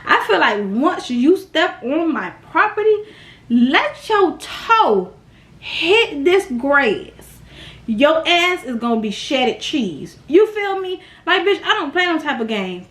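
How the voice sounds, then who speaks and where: A young storytime vlogger tells her viewers a tale in a casual chat, blunt, profane and dramatic. Her high, slightly bright voice is very animated yet slow-paced, and the recording has a roomy echo.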